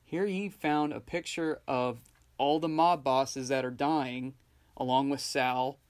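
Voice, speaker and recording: A man's voice: medium pitch, steady tone, slow. A man co-hosting a film podcast, casually retelling scenes and acting out quoted lines. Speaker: podcast co-host.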